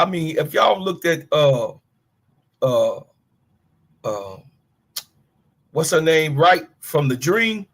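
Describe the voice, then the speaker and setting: Man, middle-aged, husky, slightly high-pitched, fiery, profane, lecturing livestream commentator. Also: a bit bright. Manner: fiery, profane, preachy, talks straight to chat. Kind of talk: heated sports rant on a livestream.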